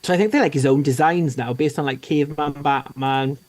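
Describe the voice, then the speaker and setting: A man's voice: a little high, a little fast, darkish tone. A man co-hosting a casual live chat, rambling with lots of fillers. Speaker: co-host guest.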